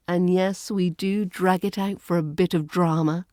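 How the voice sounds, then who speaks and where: A woman with a British accent teaching English in a podcast lesson, with a clear, deliberate delivery. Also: lowish voice, steady tone, a little mellow, no echo, studio quality.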